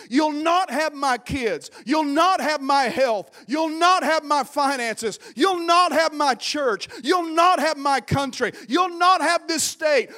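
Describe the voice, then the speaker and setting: A male pastor speaking softly and gently as he closes his podcast with an invitation to prayer. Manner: soft, low and gentle.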